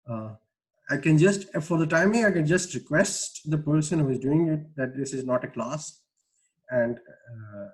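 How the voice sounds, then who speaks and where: A man's voice: fairly high pitch, rough recording. A man giving an online research lecture over a video call, explaining with many "uh" fillers and restarts. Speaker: webinar lecturer.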